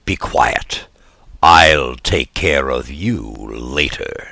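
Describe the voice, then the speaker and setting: A man playing Fire Eater, gruff ogre boss. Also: animated, very slow, sharp tone, dry recording, studio quality, exaggerated voice. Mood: menacing. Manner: low gruff growl, like an ogre with a cold. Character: huge fearsome male puppet-show director, ogre-like.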